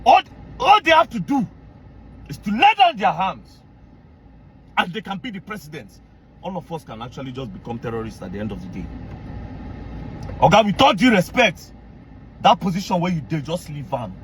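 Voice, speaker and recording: A man with a Nigerian accent rants as a commentary host in a high, swooping voice. He is indignant and repetitive, and he bursts into shouting. Faint noise sits underneath. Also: moderate pace, long pauses. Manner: animated, indignant, repeats phrases, bursts into shouting. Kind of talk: heated commentary rant.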